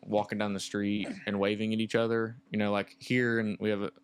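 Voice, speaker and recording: Guy, clean smooth voice, telling a story with lots of likes. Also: on the low side, little pitch movement, a little fast. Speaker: podcast guest. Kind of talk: casual podcast chat.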